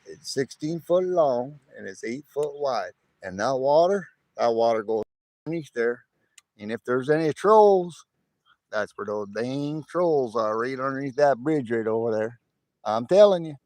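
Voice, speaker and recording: A man putting on a West Texas drawl as a boastful, folksy coin stacker, loudly pointing things out around his land on a livestream. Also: mid-range voice, lively intonation, unhurried, no room sound, natural voice. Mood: folksy boasting. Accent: put-on West Texas drawl. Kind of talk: livestream impression.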